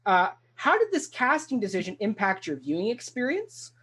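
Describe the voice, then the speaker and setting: An eager talk show host who rambles happily through a casual discussion. Sentences often restart mid-thought. The voice sits at a middling pitch. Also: sing-song, moderate pace, sharp tone, breathy edge. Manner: enthusiastic, rambling and full of restarts. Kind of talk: casual discussion of a stage musical.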